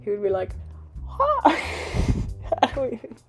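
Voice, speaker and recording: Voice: mid-range voice, very fast, a little mellow, faint music behind. A vlogger chatting casually at home while cleaning a toy, rambling and often breaking off to laugh.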